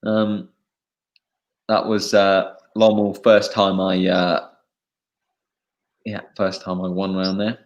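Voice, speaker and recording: A young English man, a motocross racer, chatting casually in a live interview, laughing and pausing on fillers. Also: sits low, flat delivery, muffled recording. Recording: echoey room.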